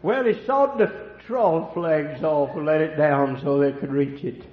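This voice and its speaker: An older man preaching a sermon, telling folksy stories and swinging between hushed and loud lines. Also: fairly high pitch, unhurried. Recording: echoey room, dull lo-fi sound.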